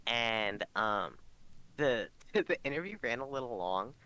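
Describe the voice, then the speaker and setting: A man's voice: medium pitch, big pitch swings, a little slow, pushed and bright. A young man co-hosting a podcast, telling rambling work stories in casual chat, full of fillers and swearing. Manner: rambling storytelling, heavy swearing, lots of fillers. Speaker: podcast co-host.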